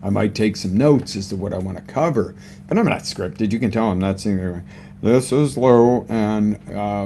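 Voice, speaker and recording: A man's voice: on the low side, gravelly, dark tone, a little hiss or hum. A man coaching live, talking unscripted and asking his listeners questions about their week and their state of mind. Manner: conversational, asks the audience questions. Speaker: motivational coach. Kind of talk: unscripted live motivational talk. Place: live broadcast setup.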